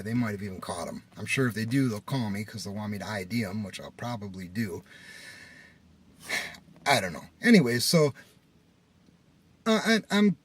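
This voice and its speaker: Man, small business owner, casual vlog rant, exasperated retelling, swings loud when riled. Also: mid-range voice. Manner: animated, exasperated retelling with rising outbursts.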